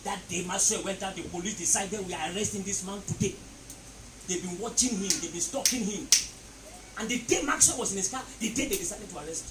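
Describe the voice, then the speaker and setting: Preacher, echoey hall, far mic. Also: male voice, high-pitched, brisk. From Nigeria. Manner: emphatic, repeating phrases and leading call-and-response. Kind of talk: sermon. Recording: echoey, distant mic, noisy.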